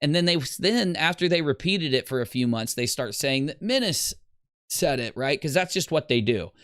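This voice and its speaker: Animated, bright-voiced male streamer. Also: normal speed, clear, resonant tone, no room sound, clean studio sound. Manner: animated, rambling, breaks into high squeals. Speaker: livestream host. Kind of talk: casual livestream rant.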